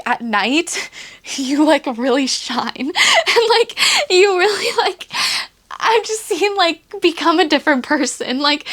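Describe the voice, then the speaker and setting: Giggly high-voiced woman reading tarot. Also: fairly bright tone. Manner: chatty, giggly, heavy use of "like". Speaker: tarot reader. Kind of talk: casual pick-a-card tarot reading.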